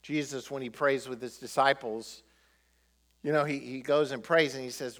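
A male pastor preaching a sermon, animated, throwing rhetorical questions at the congregation. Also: fairly high pitch, moderate pace, big-room sound.

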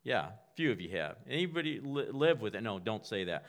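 A man's voice: lowish voice, very animated, brisk. A man preaching a sermon in a conversational way. He often repeats and restarts words and sometimes whispers a line to act out an inner voice. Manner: acts out inner voices, whispers a quiet prompt.

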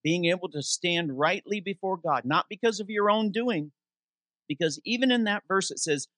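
Male interim pastor, sermon delivery, slightly higher pitch, dry close sound, animated with question-and-answer emphasis. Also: no echo. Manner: animated preaching, reads scripture aloud with slowed emphasis; asks the congregation questions and answers them. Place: church sanctuary.

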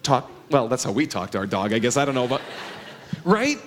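A man's voice: medium pitch, very animated, a little fast. A middle-aged man preaching a sermon to a congregation, earnest and conversational, often asking the listeners questions. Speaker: pastor.

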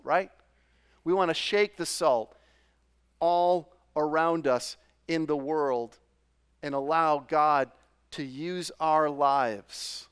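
Animated high-voiced male pastor preaching. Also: smooth. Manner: conversational, asks the congregation rhetorical questions; animated, often repeats words as he goes. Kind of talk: sermon.

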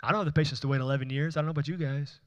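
A man's voice: a little high, steady tone, racing. A man preaching a sermon, speaking in an earnest, conversational way with frequent restarts. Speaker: pastor.

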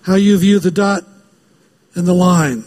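A man's voice: sits high, a little slow, darkish tone. A man preaching a sermon as pastor, emphatic and given to repeating key phrases.

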